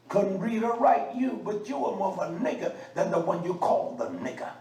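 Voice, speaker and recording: A man's voice: high voice, sing-song, moderate pace, hardly any pauses, a little mellow. A man giving a fiery religious sermon, emphatic and scolding, with frequent uh fillers. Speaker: religious teacher. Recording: echoey room, mic at a distance, faint background noise.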